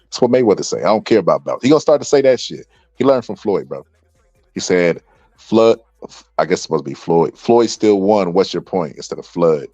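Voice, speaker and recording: Deep-voiced man, laid-back boxing commentary, tired, keeps saying bro, dull dry recording. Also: lively intonation, fast, darkish tone, breathy edge, dry recording. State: tired from staying up late. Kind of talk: casual livestream commentary.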